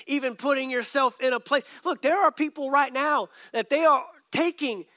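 A male pastor preaching a sermon, emphatic, dropping suddenly soft and adding joking asides to the congregation. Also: very high-pitched, dry recording, studio quality.

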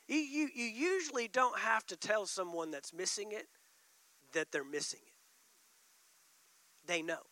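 Very high-voiced, impassioned male preacher. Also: dry recording. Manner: emphatic, impassioned, swings from loud to near whisper. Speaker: pastor. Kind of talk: sermon.

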